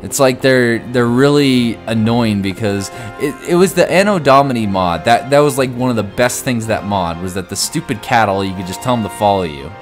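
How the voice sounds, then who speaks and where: A man's voice: medium pitch, moderate pace, few pauses, soft background music. A man giving casual, rambling gameplay commentary, full of "like" and sudden exclamations. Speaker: gaming video host.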